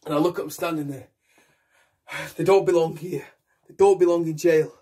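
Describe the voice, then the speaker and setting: Husky, high-voiced young man. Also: fairly even intonation, moderate pace, warm tone. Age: young adult. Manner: intense, raw, switching between voices. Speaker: actor. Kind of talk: solo theatre monologue.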